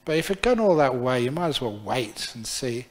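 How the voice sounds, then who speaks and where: A man's voice: mid-range voice, big pitch swings, normal speed, natural voice. A man doing worried company directors with a blunt, warning tone. They speak plainly and firmly.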